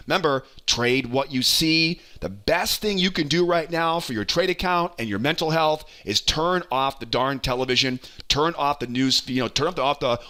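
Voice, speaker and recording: A man teaching a trading lesson over charts, energetic and repetitive, often checking in with a quick "right?". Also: medium pitch. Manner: energetic, punctuates points with a questioning "right?"; repeats phrases for emphasis. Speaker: trading educator. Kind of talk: live chart walkthrough lesson.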